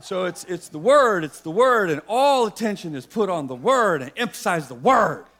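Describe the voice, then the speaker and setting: Brief: male preacher with a very high voice, joking, punchy, repeats key lines. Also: very animated, normal speed, fairly bright tone. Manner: emphatic and humorous, with many repetitions. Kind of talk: sermon.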